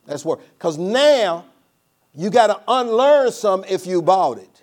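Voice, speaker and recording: A man's voice: high voice, big pitch swings, unhurried. A man preaching a sermon as pastor, telling a personal story with call-and-response.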